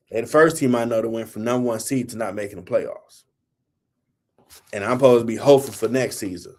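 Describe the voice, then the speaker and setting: This sports talk show host is a man with a medium-pitched, fast, slightly mellow voice. He rants opinionatedly in blunt, heated, everyday language, scolding players and teams.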